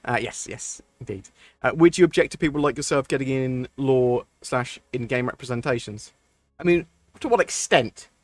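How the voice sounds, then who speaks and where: A man's voice: medium pitch, moderate pace, no echo. A man chatting on a live stream, answering viewer questions and rambling with many fillers and restarts. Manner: rambling, thinks aloud with many ums and restarts. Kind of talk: casual live-stream chat.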